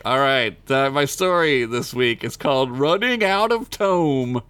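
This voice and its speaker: A man's voice: mid-range voice, animated, measured pace, a bit bright, smooth, dry recording. Casting note: male podcast host reads a raunchy comedy tale aloud, dry close sound. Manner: crude jokey reading, breaks into laughter. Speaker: podcast co-host reading his own comic story. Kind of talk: comic story reading.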